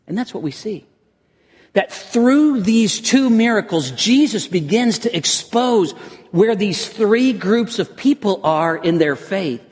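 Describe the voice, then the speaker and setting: A man's voice: high-pitched, expressive, takes it slowly, darkish tone, breathy edge. A man preaching a sermon as a pastor, earnest and building to intense emphasis, with frequent restarts. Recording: long reverb of a hall.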